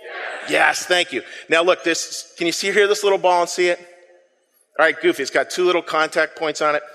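This is a pastor's interactive sermon, with the congregation echoing words back at his request as he jokes at his own expense. His slightly high voice is brisk, pushed and bright, with fairly even intonation, and it rings in the sanctuary's long reverb.

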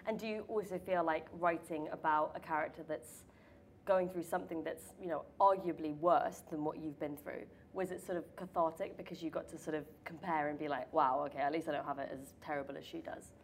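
Give me a chatty young woman with a slightly low voice interviewing her sibling, with faint background noise. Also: fairly even intonation, brisk. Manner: chatty, many fillers like "like". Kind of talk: casual chat.

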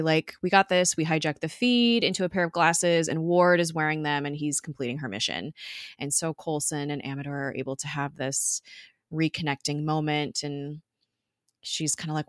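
Low-voiced woman recapping casually. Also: moderate pace, no echo, clean studio sound. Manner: chatty, laughs often, recounts scenes with quoted voices. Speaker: podcast co-host.

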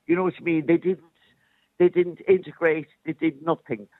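A woman's voice: low voice, fairly even intonation, moderate pace, no echo. A woman calling in to a radio show, a special needs assistant speaking passionately and insistently. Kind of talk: phoned-in radio debate. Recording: tinny phone line.

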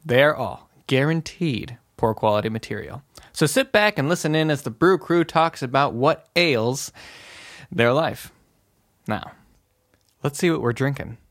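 Deadpan podcast host man. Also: medium pitch, unhurried. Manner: deadpan, dry jokes. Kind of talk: casual chat over beers.

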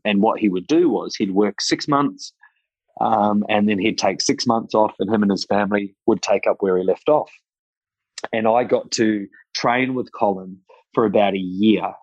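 Low-voiced man. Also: dry recording, highs cut off. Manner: halting, emotional, many restarts and fillers. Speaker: guest. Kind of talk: personal storytelling in an interview.

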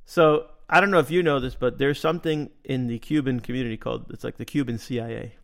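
A man hosting a podcast, telling a personal story in a casual, animated way and laughing often. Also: medium pitch, quick pace, creaky. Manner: animated, laughs often, acts out quoted dialogue. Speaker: podcast host.

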